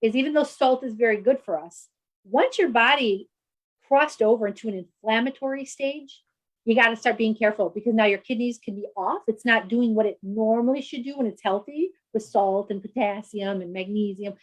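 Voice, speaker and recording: A woman's voice: on the high side, normal speed, rough recording. Chatty woman doctor explaining health. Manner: explanatory, chatty, frequent "you know" fillers. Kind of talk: conversational explanation.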